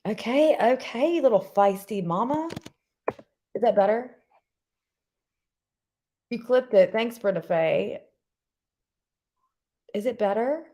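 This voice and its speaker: Chatty woman with a gravelly voice. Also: on the high side, expressive, takes it slowly, pauses often, dark tone. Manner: chatty, storytelling, giggly. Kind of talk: casual livestream chat.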